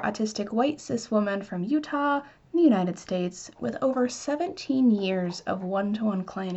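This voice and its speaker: A woman's voice: fairly high pitch, darkish tone, highs cut off. A woman hosting a podcast, reading a scripted intro and then welcoming her guest in an upbeat, enthusiastic way. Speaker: podcast host.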